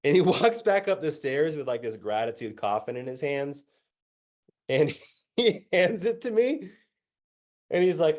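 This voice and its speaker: A man telling a personal story as a speaker, animated and acting out the other people's lines with voices, and laughing as he goes. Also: mid-range voice, measured pace. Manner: animated, acts out dialogue with voices.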